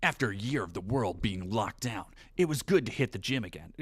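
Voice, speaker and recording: Male streamer, lively pitch, profane and jokey, reads aloud with mock gravity. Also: a little fast, few pauses, slightly rough. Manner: animated, profane, jokey riffing. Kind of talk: casual livestream commentary.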